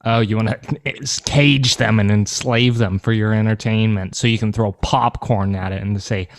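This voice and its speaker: A man's voice: lowish voice, fairly even intonation, moderate pace, dry recording. A man co-hosting a podcast, chatting casually in a rambling, profane, joking way. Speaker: podcast co-host.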